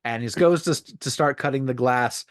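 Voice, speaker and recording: A man co-hosting a podcast, recapping a TV episode in casual chat with deadpan jokes and quoted character lines. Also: medium pitch, moderate pace, dry recording, studio quality. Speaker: podcast co-host.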